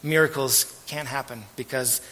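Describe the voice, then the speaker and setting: A man preaching a sermon as pastor, earnest and measured, letting his phrase ends trail off softly. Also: mid-range voice. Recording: long hall reverb.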